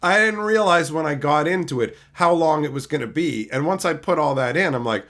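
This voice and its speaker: A man's voice: fairly high pitch, a little fast, a bit bright. A middle-aged man ranting casually on a livestream, reading chat and mocking commenters, with frequent swearing. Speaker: streamer reading live chat.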